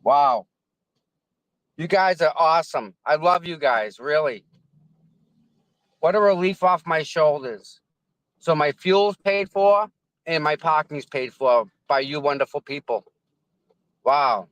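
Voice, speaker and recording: High-pitched rambling man. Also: slow, pauses often, fairly bright tone, no echo, poor audio. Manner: rambling, repeats words, thanks viewers effusively. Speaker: live-streaming vlogger. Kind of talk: casual live-stream chat while driving. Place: car in traffic.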